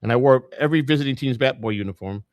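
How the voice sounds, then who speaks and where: A man's voice: medium pitch, fast, no room sound, clean studio sound. A middle-aged man from Chicago, a presidential candidate and podcaster, telling his story in a blunt, plain-spoken way and repeating words as he goes. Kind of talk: casual storytelling monologue.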